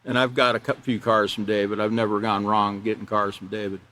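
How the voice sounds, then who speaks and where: A man's voice: lowish voice, little pitch movement, a little fast, sharp tone. A man leading an online teacher training class, talking loosely with restarts and laughing at his own examples.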